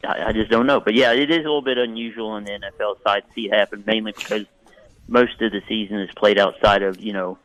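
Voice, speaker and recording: A man calling in as a sports editor guest, talking in halting stop-start phrases. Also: on the low side, steady tone, fairly bright tone, low-quality recording. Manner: halting, repeats words as he starts sentences. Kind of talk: phone-in sports interview.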